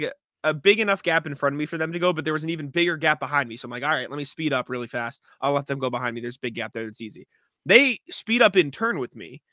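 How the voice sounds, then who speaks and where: A man's voice: a little high, pushed and bright, dry recording. A man co-hosting a casual sports podcast, telling stories animatedly and acting out his own reactions with laughter. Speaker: podcast co-host. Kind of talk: casual chat.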